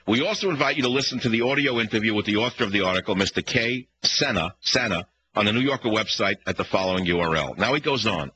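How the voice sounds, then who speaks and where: A combative male talk radio host with a thick Bronx accent, ranting through a monologue and firing rhetorical questions at his listeners. His voice sits fairly low but comes across forceful and edgy. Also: low-quality recording. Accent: New York (Bronx). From the Bronx, New York.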